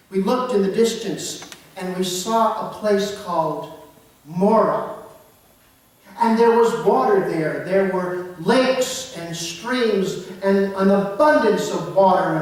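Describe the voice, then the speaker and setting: A man preaching a first-person dramatic sermon in the voice of Moses, slow and storytelling, with hushed drops. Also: high voice. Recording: roomy echo from far off.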